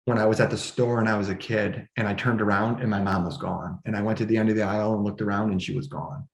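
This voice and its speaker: A man's voice: fairly low pitch, steady tone, fast, creaky, echoey room. A man recounting a personal story in conversation, with an emotional, restless delivery full of restarts and quoted dialogue. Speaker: podcast guest. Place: indoor room at home.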